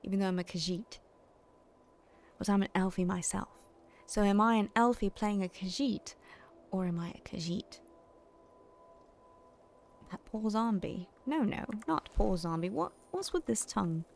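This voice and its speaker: A woman's voice: medium pitch, moderate pace, creaky, darkish tone. A young adult woman streaming a game, chatting casually and rambling to her viewers. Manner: chatty, rambling, talks to chat. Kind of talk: casual gameplay chat.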